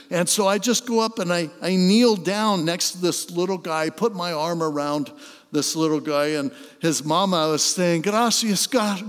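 A man preaching a sermon as a pastor, telling stories and swelling in intensity before dropping to a soft, earnest tone. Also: high-pitched, long reverb tail. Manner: storytelling, swells then drops to soft intensity.

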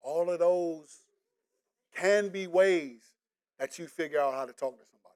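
Middle-aged man from the DC area with a local accent and a fairly high voice; a pastor giving a relaxed, joking sermon. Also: normal speed, clean tone. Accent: Washington DC area. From Washington DC area. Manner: casual, joking, talks straight to the congregation. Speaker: preacher. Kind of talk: conversational sermon.

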